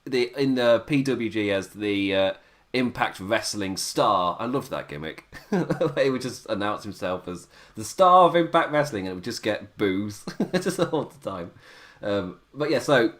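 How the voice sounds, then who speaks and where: A man's voice: on the low side, lively intonation, normal speed. An English man hosting a wrestling review podcast, talking casually and laughing often. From England. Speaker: podcast host.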